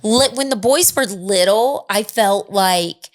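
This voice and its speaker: A woman's voice: medium pitch, slow. A woman from the Southern United States with a Southern accent, co-hosting a casual chat podcast in a chatty, easy-laughing way, tired from little sleep. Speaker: podcast co-host.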